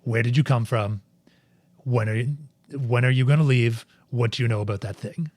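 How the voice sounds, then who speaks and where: A man voicing a gruff, suspicious waitress woman who fires off demanding questions. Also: medium pitch, normal speed, darkish tone, no room sound, lightly acted. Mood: hostile.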